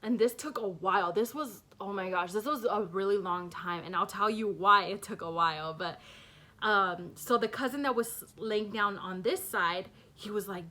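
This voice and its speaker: A woman's voice: medium pitch, normal speed, pushed and bright. Young woman, casual storytime vlog, rambling, filler-heavy, nervous laughs. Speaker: vlogger.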